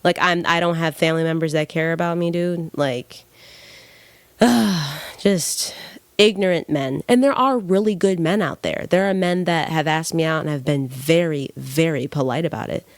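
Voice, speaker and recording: A woman's voice: low voice, moderate pace, dry recording. A young woman hosting a podcast, talking bluntly in a heated, casual monologue and swearing freely. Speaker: podcast host.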